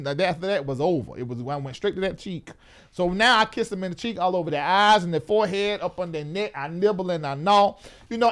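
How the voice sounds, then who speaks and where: A man of forty, hosting a live talk show in an animated, chatty way, often repeating himself. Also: high-pitched. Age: 40s.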